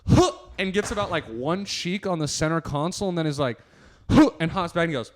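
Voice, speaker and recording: A man's voice: on the high side, lively intonation, quick pace, fairly bright tone. A man hosting his podcast, telling a road story in casual chat, laughing and acting out the dialogue. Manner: loose, laughing storyteller who acts out dialogue. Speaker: podcast host.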